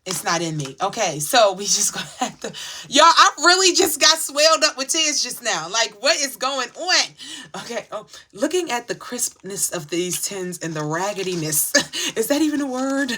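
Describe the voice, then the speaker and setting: A woman vlogging in a casual, chatty way, talking straight to her viewers. She turns emotional and dramatic as she sorts through her budget. Her tone is bright and forward. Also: medium pitch, husky. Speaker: channel host sharing her budgeting routine. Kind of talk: casual chat to viewers while sorting cash envelopes.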